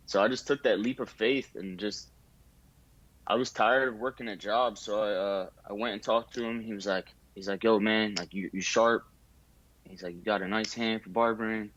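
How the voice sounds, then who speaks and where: A man's voice: lowish voice, a bit bright, dry recording, highs cut off. A young man, a barber, telling his story in a casual interview, laid-back with many fillers and acted-out quotes.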